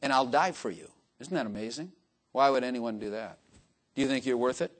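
Older male preacher, casual folksy sermon delivery, quick asides and jokes, mid-pitched voice. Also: animated. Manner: folksy, joking asides, frequent "Amen?" to the crowd. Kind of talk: informal sermon to a congregation.

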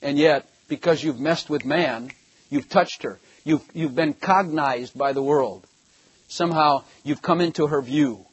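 Husky older man teaching scripture. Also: fairly high pitch, unhurried, no echo, poor audio. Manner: rambling, emphatic, rises to loud bursts when excited. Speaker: Bible teacher. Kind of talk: conversational sermon, reading scripture.

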